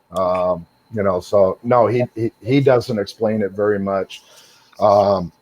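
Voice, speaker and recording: A man's voice: on the low side, warm tone. A middle-aged man, a guest on a call, telling his story casually and rambling, with lots of fillers and repeated words. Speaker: guest sharing encounters.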